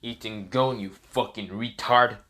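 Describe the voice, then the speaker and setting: A man voicing a sneering, snake-like male villain who taunts slowly and drags out his words. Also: on the low side, fairly even intonation, bright, forceful tone. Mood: taunting.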